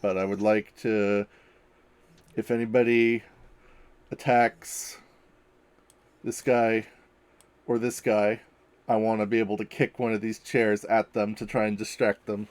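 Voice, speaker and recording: A man playing a tabletop game, thinking out loud with hesitant restarts. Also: on the low side, little pitch movement, unhurried, pauses often, clear, resonant tone, no echo. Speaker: player. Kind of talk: casual tabletop game chat.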